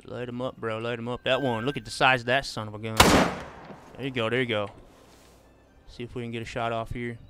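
A man's voice: mid-range voice, little pitch movement, fairly quick, over loud music. A man doing casual live gaming commentary, chatting easily with viewers and tossing in "man" and "bro" all the time. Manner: laid-back, drawls "man" and "bro" often. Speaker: streamer.

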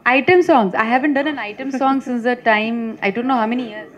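A woman, a film actress at a press meet, telling lively stories and teasing with many fillers and restarts. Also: on the high side, fairly quick, highs cut off. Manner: teasing, laughs often. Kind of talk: chatty press meet answers.

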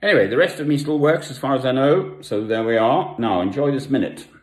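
An older man from South Africa, talking at home in a rambling personal monologue with pauses and asides. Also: mid-range voice. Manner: meandering, with long pauses and asides. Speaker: Christian vlogger. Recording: echoey room.

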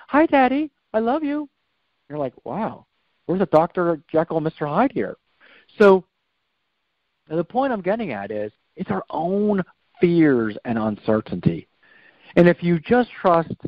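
A middle-aged man talking casually about faith and life as a guest, preachy and animated, leaning on "okay?" and "you know". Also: on the high side, moderate pace, dry recording. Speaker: guest speaker. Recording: dull lo-fi dry recording.

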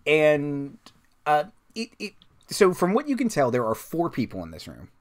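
A man's voice: on the high side, moderate pace. A man serving as game master, describing a scene and checking rules in a casual way. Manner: relaxed, descriptive, looks up rules aloud. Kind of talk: running a tabletop game.

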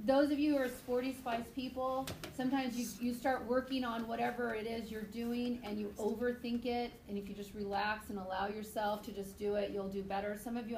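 A fairly high-pitched woman lectures a biology class in a lively, chatty way. She acts out voices in her stories and laughs often. The screencast recording carries a faint hiss of background noise. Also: roomy sound. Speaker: biology teacher. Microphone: tablet screencast mic.

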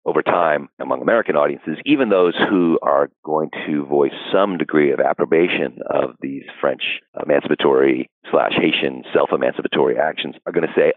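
A man explaining history in an interview, thoughtful and unhurried, with frequent fillers. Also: a bass voice, no room sound. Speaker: historian guest. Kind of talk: academic interview answers. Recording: dry, phone-like audio.

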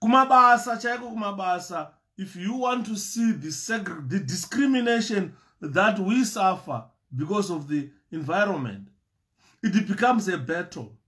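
Man, earnest speech, repeats lines for emphasis, unhurried. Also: high voice, lively intonation. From Zimbabwe. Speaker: speaker at a refugee support event.

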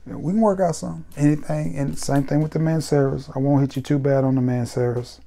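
A laid-back man chatting to camera about fragrances in a loose, repetitive way. His mid-range voice has a gravelly, creaky texture, and faint music plays underneath. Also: medium pitch, fairly quick. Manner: relaxed, rambling and repetitive, with warm sign-offs. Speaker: fragrance reviewer. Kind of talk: casual chat to camera.

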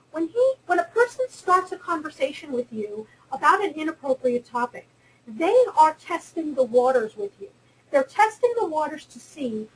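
High-voiced woman giving earnest career advice. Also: low-quality recording. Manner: earnest, emphatic and repetitive, with some restarts. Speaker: webinar speaker on careers in geoscience. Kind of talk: instructive talk.

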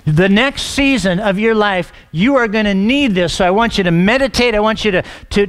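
Middle-aged male pastor with a high voice, storytelling sermon delivery, repeats and restarts words. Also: a bit bright. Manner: storytelling, acts out quoted dialogue.

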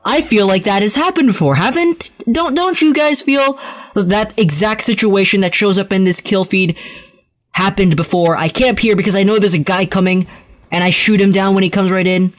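A young man giving live commentary over a first-person shooter match, swinging between calm callouts and frustrated, excitable outbursts and self-mocking rants. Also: sits high, normal speed. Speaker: gaming commentator.

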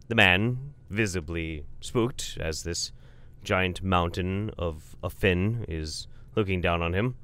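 A man tells a rambling, profane comic story in a casual, offhand way, stopping for plenty of "um"s and "uh"s. His voice is fairly low, with a smooth, clean tone. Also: slow pace, fairly bright tone.

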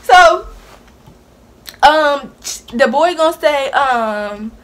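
A young woman telling a storytime vlog in a sassy, animated way, talking with attitude. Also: high voice, extremely slow. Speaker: vlogger. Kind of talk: casual storytime.

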